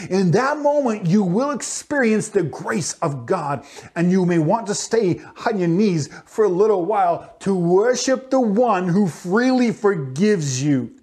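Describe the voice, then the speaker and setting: A man preaching a sermon in church as pastor, animated and acting out quotes with playful voices. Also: high-pitched, unhurried.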